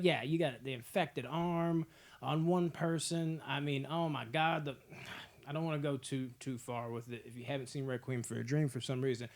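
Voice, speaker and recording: A young man hosting a movie podcast, ranking films in a casual, profane, excitable way. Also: fairly high pitch. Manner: profane, excitable storytelling with frequent laughs.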